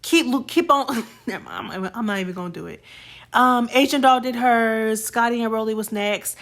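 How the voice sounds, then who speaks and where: A sassy woman talks through a reality-show episode in a loose, chatty way, with frequent laughs and quick asides to her viewers. Her voice sits a little higher than most women's. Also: a bit bright. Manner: sassy and chatty, laughs often, quotes cast members. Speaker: reality show recap host. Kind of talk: casual recap commentary.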